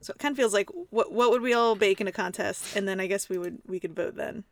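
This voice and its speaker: A woman's voice: medium pitch, quick pace, vocal fry. A woman hosting a casual podcast, chatty, reading out listener questions.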